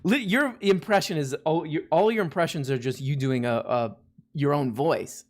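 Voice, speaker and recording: With a fairly high voice at a moderate pace, a streamer hosts a relaxed live stream. He goes through requests, rambling and laughing at his own expense.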